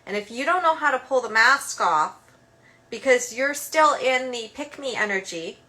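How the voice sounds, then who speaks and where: A woman in her thirties hosting her own show. She chats casually and emphatically in a bright, somewhat high voice, scattering filler words as she goes. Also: animated, measured pace. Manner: chatty, lots of "like" fillers, emphatic. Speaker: host. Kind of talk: casual monologue.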